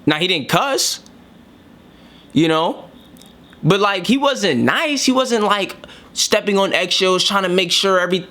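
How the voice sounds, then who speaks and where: A man's voice: sits high, lively intonation, measured pace, pauses often, bright, forceful tone. A man from New York City with a New York accent, giving casual opinion commentary in a slangy, emphatic, preachy way. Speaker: commentator reacting to clips.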